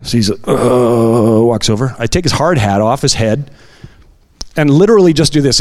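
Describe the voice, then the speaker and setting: A man telling testimony stories at a church service, animated, acting out the dialogue as he goes. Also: mid-range voice, normal speed. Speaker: guest sharing testimonies.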